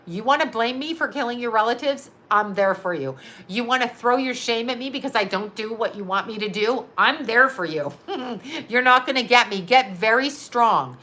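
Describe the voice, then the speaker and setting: A woman's voice: on the high side, animated, normal speed, pushed and bright. A middle-aged woman hosting a live show, ranting heatedly and sarcastically and swearing freely. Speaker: psychic medium and live show host. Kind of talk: casual rant to a live audience.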